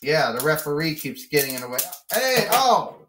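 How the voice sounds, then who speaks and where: A man's voice: mid-range voice, fast talker, background noise. Man calling a play wrestling match. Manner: excitable, with sudden shouts. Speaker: narrator of a toy wrestling match. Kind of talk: play-by-play commentary. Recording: roomy, mic far off.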